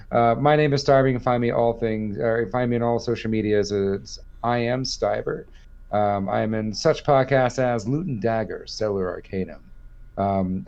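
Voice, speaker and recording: Gravelly-voiced man rambling casually. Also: lowish voice, a little mellow, dull audio. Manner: rambling, laid-back, many ums. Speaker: player. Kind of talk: casual chat about a tabletop game.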